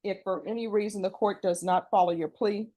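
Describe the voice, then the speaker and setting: A woman's voice: mid-range voice, steady tone, a little fast, mellow. Woman judge reading formal court procedure.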